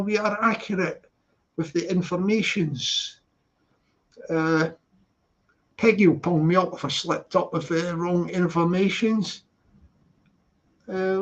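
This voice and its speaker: A man's voice: sits high, highs cut off. A man with a Scottish accent, hosting a casual live stream from home and rambling to viewers in the chat. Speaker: livestream host. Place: home flat.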